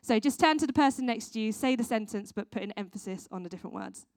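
A woman's voice: a little high, lively intonation, fast talker, a little mellow, no echo, studio quality. Chatty woman leading a church training talk. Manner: chatty, many ums, restarts. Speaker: children's worker.

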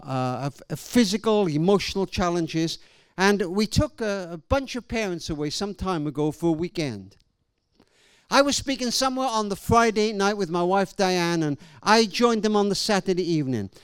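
A middle-aged man preaching a sermon, telling stories and swinging between raised and hushed delivery. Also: high-pitched, expressive, moderate pace, smooth, no room sound. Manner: storytelling, swings from loud to hushed. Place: church hall or event venue.

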